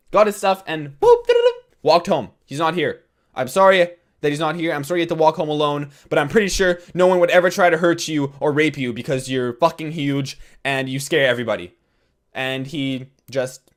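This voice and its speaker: A man tells a story over gameplay in an excitable, profane way, acting out every quote. His voice sits high and swings widely in pitch. Faint music plays underneath. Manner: excitable, swears a lot, acts out quotes. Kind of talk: casual storytime commentary.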